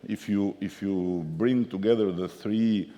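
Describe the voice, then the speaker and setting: A man with an Albanian accent, a politician telling lively anecdotes and acting out the people he quotes as a guest at a forum. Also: fairly low pitch, a little slow. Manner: animated storyteller, acts out the people he quotes. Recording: long reverb of a conference hall.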